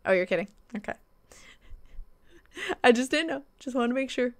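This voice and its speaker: A woman's voice: high voice, animated, a little slow. A woman live-streaming a game, chatting casually and thanking viewers by name, with playful mock indignation.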